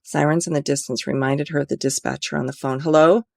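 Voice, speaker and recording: A woman's voice: rumbling low, little pitch movement, fast, vocal fry, a little mellow, no echo, clean studio sound. A woman author reading her own mystery novel aloud in an earnest, amateur way.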